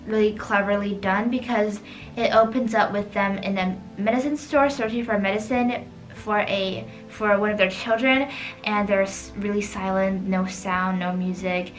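An art vlogger chats casually about a film while she draws, slipping "like" into almost every sentence. Her mid-range voice stays fairly even and unhurried, though the audio is poor. Soft music plays in the background.

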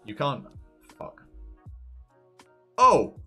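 A man's voice: fairly high pitch, wildly swooping pitch, drawn-out words, over music. A man streaming a game, chatting in a laid-back, rambling way and swearing casually. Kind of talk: casual gaming chat.

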